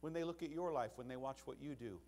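A man preaching an emphatic, animated sermon to a church congregation. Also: medium pitch, quick pace, a little hiss or hum. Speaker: pastor.

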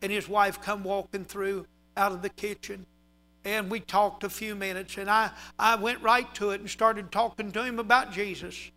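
A man's voice: high-pitched, steady tone, normal speed, sharp tone, poor audio. A man, a pastor telling folksy stories in an emphatic sermon. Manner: folksy, emphatic preaching with rising intensity. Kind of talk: sermon storytelling.

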